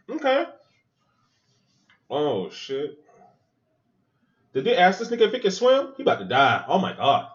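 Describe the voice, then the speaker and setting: A man's voice: fairly high pitch, wildly swooping pitch, measured pace, pauses often, muffled recording. A man hosting a podcast, giving loose, joking, profane running commentary while he watches a film. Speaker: podcast host. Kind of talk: casual movie watch-along commentary.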